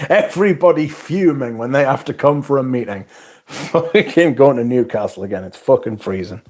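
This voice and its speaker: A man's voice: medium pitch, animated, normal speed, darkish tone, husky. A middle-aged man, hosting a livestream in a loose, rambling, swear-heavy chat and reading out viewer comments. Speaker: livestream host.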